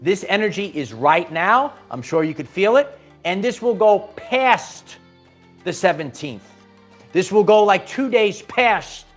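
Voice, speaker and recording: An emphatic man delivers a spiritual pep talk to his viewers. His voice sits a little higher than most men's. He repeats phrases and restarts his sentences often. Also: sing-song, a little slow, faint music behind. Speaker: spiritual channel host.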